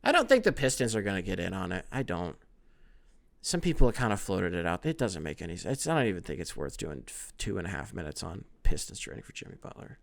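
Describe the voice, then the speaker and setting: Young guy ranting on his sports podcast, swears a lot, super lively up-and-down voice. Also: sits low, fast talker, vocal fry. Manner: rambling, animated, profane, jumping between topics. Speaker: podcast host. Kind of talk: casual sports podcast chat.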